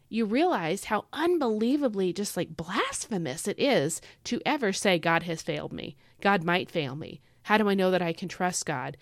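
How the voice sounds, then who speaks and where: A woman teaches on her devotional podcast, earnest and emphatic, leaning hard on key words and repeating them. Her voice sits at a middle pitch. The recording is dry and close, with no room sound. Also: no echo. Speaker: podcast host.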